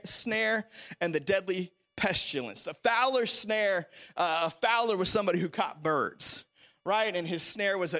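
Bright high-voiced preaching man. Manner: animated preaching with repeated phrases. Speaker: pastor. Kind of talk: sermon.

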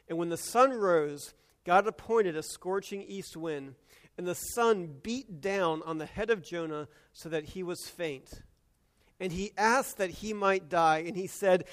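Man preaching, high voice, earnest, hushed to emphatic. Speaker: pastor. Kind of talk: sermon.

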